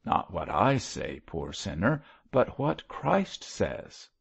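A man's voice: lowish voice, sing-song, slow, creaky, husky, full character voice. A man voicing a fervent lay preacher who pleads and lectures in a grave, preachy manner. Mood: earnest. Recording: muffled lo-fi recording.

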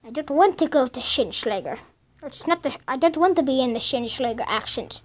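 A woman's voice: sits high, lively intonation, brisk. A woman playing a horror game and commentating casually, rambling and nervous as she goes. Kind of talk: casual let's-play commentary.

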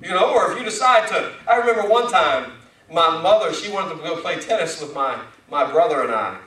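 High-voiced pastor in an echoey church. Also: male voice, lively intonation, a little fast, sharp tone, distant mic. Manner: conversational, folksy, with rising emphatic questions. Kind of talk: sermon. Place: church sanctuary.

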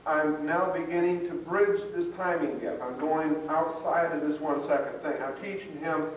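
A man's voice: a little high, fairly even intonation, normal speed, a little hiss or hum. A man leading a dog training seminar, talking in a plain, folksy way with frequent restarts. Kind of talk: live seminar talk. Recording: echoey hall, far from mic, 1990s tape.

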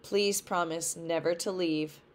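A woman reading aloud as a gruff, lonely male beast in a storybook. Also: lowish voice, fairly even intonation, a little slow, close to an everyday voice. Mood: gruff, sad.

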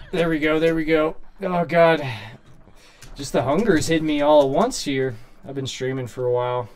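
A man doing casual, excitable gameplay commentary, swearing and shouting at his character while saying he is hungry and tired. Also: fairly high pitch, normal speed. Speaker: gaming streamer.

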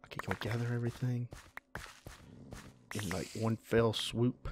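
Chatty man narrating his gameplay, excitable and quick to yelp, mid-pitched, slight hiss on the recording. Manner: chatty, excitable, yelps when startled. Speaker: let's play gamer. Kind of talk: casual gameplay commentary.

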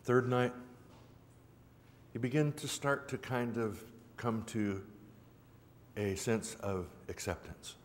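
A man giving a public talk in a folksy, gently humorous way, with a rhythmic, repetitive storytelling cadence. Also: mid-range voice, takes it slowly, long pauses. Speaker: symposium speaker. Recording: reverberant hall with faint background noise.

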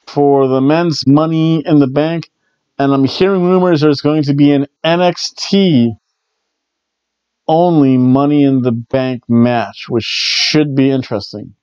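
A man's voice: on the high side, darkish tone, clear, resonant tone, no echo, highs cut off. A man hosting a casual wrestling review show, rambling with jokey asides. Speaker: wrestling review podcast host. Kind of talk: casual recap commentary.

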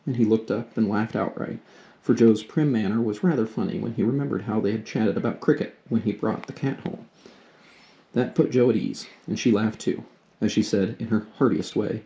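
A man reading a classic novel aloud to his daughter in a steady, unhurried storytelling manner. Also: lowish voice, dull audio.

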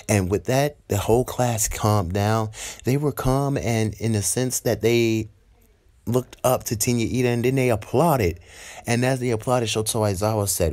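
A young man tells an improvised fan story in a fairly low voice. He rambles and corrects himself as he goes. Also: measured pace, a little mellow.

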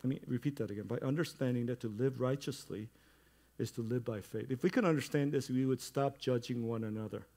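Pastor preaching a sunday sermon, middle-aged guy, chatty then gets loud and emphatic, ordinary mid pitch. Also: brisk. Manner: conversational preaching that builds to loud emphatic stretches.

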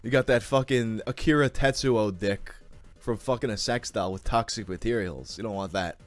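A man's voice: on the low side, a little fast, faint music behind. Crude, mocking male streamer. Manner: loud, crude, mocking, bursts of laughter. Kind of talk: casual profane live-stream commentary.

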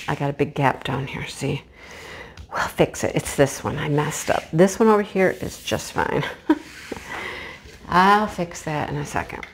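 A woman chatting casually to her viewers as she unboxes a craft kit, gushing with excitement. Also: fairly low pitch, gravelly, background noise. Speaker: craft vlogger.

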